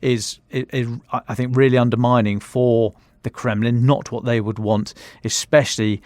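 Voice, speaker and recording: A man's voice: mid-range voice, little pitch movement, normal speed, darkish tone, no room sound. Man thinking aloud, dry sound. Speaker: correspondent. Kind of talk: conversational news analysis.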